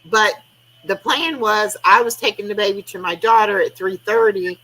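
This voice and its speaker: A woman's voice: mid-range voice, moderate pace, a bit bright, rough recording. An older woman, chatting casually on a live stream over a video call and acting out conversations as she tells stories. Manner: chatty storytelling, acting out quoted talk. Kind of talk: casual chat.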